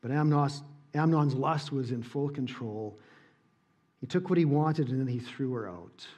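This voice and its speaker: A man preaching a sermon in church, earnest and emphatic, dropping soft on key points. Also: medium pitch, husky. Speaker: pastor.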